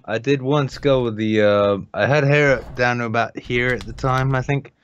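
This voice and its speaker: A man's voice: medium pitch, steady tone, moderate pace, clear, resonant tone, muffled recording. A man co-hosting a podcast, chatting casually, joking and swearing. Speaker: podcast co-host. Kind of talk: casual chat.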